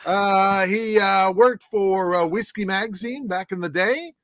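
A man's voice: high voice, a little slow, a bit bright, no echo. A man co-hosting a drinks podcast, teasing and joking in loose banter. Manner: teasing, playful, mock-insulting. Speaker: co-host.

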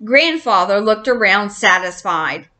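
Slow, bright-voiced woman storyteller. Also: medium pitch. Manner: slow, expressive. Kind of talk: reading a children's book aloud.

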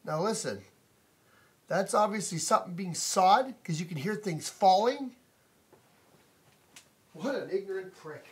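A man's voice: sits high, expressive, a little slow, long pauses, slightly rough. A man ranting to camera from inside his house, indignant and repetitive, swearing often, recorded on a phone or camera mic. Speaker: vlogger complaining about a noisy neighbor. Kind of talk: angry profane rant to camera.

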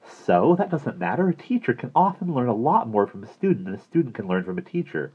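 A man voicing a young female school counselor who talks gently and patiently, in a muffled lo-fi recording. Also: medium pitch, big pitch swings, a little fast, husky, voice pushed up.

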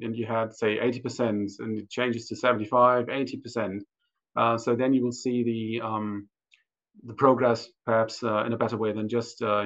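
A man explains a measuring device, careful and hesitant, stopping often to find his words. His pitch is mid-range and ordinary. The sound is dull and lo-fi. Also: fairly bright tone. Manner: hesitant, many fillers and restarts. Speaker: product expert. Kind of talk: technical explanation.

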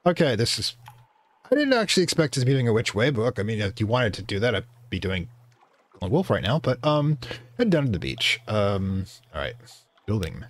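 A man's voice: lowish voice, sing-song, normal speed. A man hosting a let's play, reading the game's text aloud, stumbling over words and correcting himself between casual remarks. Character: shy albino rat tinker, male.

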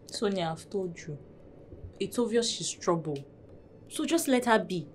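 An actress playing a sensible friend who gives calm advice, speaking with a Nigerian English accent. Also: female voice, mid-range voice, measured pace, slight background noise, natural voice. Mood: advising. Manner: calm, advising. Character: young woman, the maid's calm, sensible friend.

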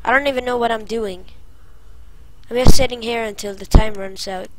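A woman's voice: fairly high pitch, steady tone, moderate pace, background noise. A woman commenting as she plays a horror game, easily startled and crying out at jump scares. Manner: jumpy, cries out at jump scares. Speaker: game player. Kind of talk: let's play commentary.

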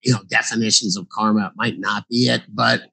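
Gravelly, husky male co-host. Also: on the low side, steady tone, fairly quick, sharp tone, no echo, low-quality recording. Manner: joking, banters and laughs. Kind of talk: casual chat.

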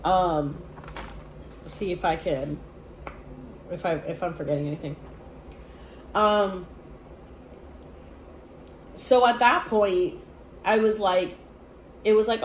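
A young woman telling a story in a casual vlog, rambling and animated with lots of fillers. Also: lowish voice, takes it slowly, pauses often, a little hiss or hum. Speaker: vlogger. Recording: echoey room with faint ambience.

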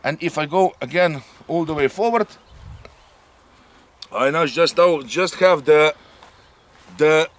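High-voiced man showing off a model plane outdoors. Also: takes it slowly, long pauses. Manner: explains step by step, tags sentences with "eh?". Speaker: RC pilot and channel host. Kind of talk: casual outdoor demonstration. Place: outdoors in a grassy field.

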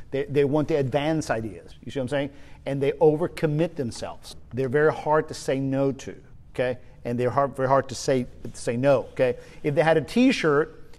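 A man giving a spoken leadership lesson, energetic and emphatic, often repeating his key points. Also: on the high side. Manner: energetic, emphatic, uses repetition. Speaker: leadership trainer.

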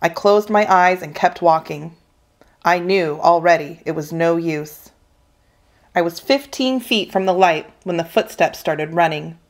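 A woman teacher reading a children's novel aloud with steady, expressive storytelling. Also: on the low side, a little slow. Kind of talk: children's book read-aloud.

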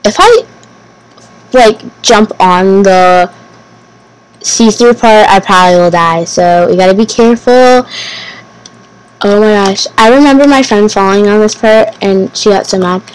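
A woman's voice: medium pitch, a little slow, smooth, rough recording. Nervous woman narrating her own gameplay. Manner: nervous, anxious self-talk, repeating phrases; excitable exclamations. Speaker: gaming channel host. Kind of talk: casual gameplay commentary.

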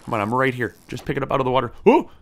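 Talking rapid-fire, this man gives casual let's-play commentary as a gameplay streamer in a survival game. He is very animated at a medium pitch, addressing his character and celebrating every catch.

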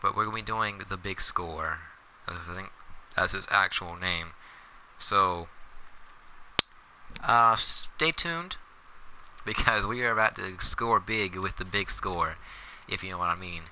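A man's voice: sits low, steady tone, normal speed, pushed and bright, slight background noise, low-quality recording. A young man casually commenting on his gameplay as a let's play host, laid-back and jokey.

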